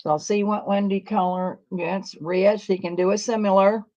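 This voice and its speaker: Female co-host taking orders on a live sale: folksy, homely, mellow tone, dull lo-fi sound. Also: medium pitch, steady tone, normal speed. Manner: folksy and homely, calls buyers darling. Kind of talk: live sales show, reading out buyers' names.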